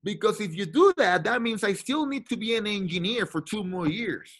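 A man's voice: sits high, expressive, normal speed, a bit bright. A man from Latin America in his thirties, giving an emphatic, repetitive motivational talk to his team and acting out the voices he quotes. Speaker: team trainer.

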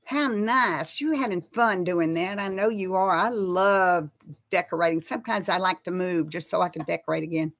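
A woman's voice: on the low side, moderate pace, a bit bright. A woman hosting a casual live chat, talking with viewers and reading out their names. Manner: chatty, reads out viewer names.

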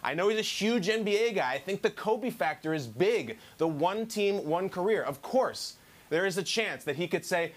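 A man analysing on a sports talk show, animated, building his argument with quotes. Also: high voice, normal speed.

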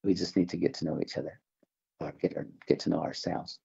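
An older Navajo man from the American Southwest gives an earnest, halting religious testimony as an interview guest, often repeating himself as he restarts. His very low voice is gravelly, husky and dark, with fairly even intonation. The recording is somewhat dull and lo-fi.

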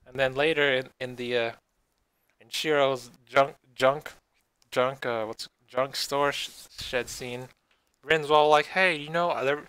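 A man's voice: mid-range voice, steady tone, slow pace, fairly bright tone, clear, resonant tone, no room sound, low-quality recording. A man co-hosting a casual review podcast, rambling and stammering as he sarcastically retells a plot. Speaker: podcast co-host.

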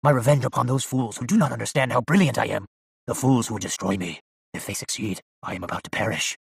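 A man playing an old evil sorcerer who speaks in a hushed, commanding, pompous way in an audiobook. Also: mid-range voice, quick pace, vocal fry, husky, no echo, clean studio sound. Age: over 60.

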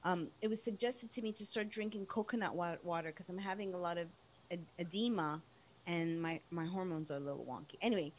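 A woman's voice: on the low side, brisk, slight background noise, rough recording. A woman journalist as a guest on a casual live-stream talk show, talking in a rambling way with many restarts.

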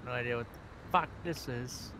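A man's voice: medium pitch, normal speed, background noise. A man giving brief, laid-back remarks while gaming with a friend. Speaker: friend playing along. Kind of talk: casual gameplay chatter.

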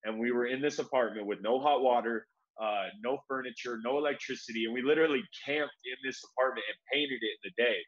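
A man telling a long story in relaxed, casual talk, peppered with "bro". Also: mid-range voice, fast talker, highs cut off. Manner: laid-back, says "bro" a lot, acts out quoted voices. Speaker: guest.

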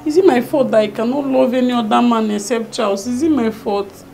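A defiant young daughter. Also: female voice, a little high, a little fast, vocal fry, a little mellow, a little hiss or hum. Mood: pleading. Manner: pleading, insistent, protesting. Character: young woman defiantly refusing an arranged marriage.

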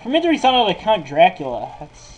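A man's voice: high-pitched, wildly swooping pitch, moderate pace, muffled recording, slight background noise. A man giving casual game commentary while he plays, cursing constantly. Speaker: gameplay commentator.

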